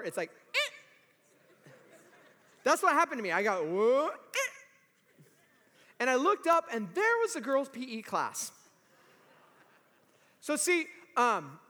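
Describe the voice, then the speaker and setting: High, bright-voiced storytelling pastor. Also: male voice. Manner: animated storytelling with humor. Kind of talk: sermon. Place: church sanctuary. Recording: long reverb of a large hall.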